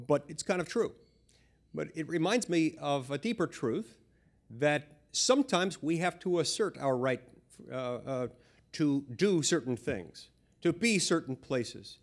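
A man, a senator, giving a humorous speech built on anecdotes, told in a dry, self-deprecating way. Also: mid-range voice.

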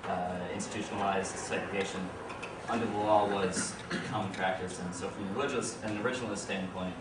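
A man in the audience asking a question in a halting way, often restarting his phrases. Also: sits low, fairly even intonation. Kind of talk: question from the floor. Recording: echoey hall from far off, loud noise.

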